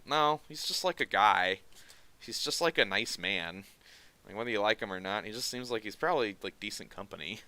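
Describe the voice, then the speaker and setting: A man chatting casually on a stream, sarcastic and animated, laughing often as he talks. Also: lowish voice, smooth.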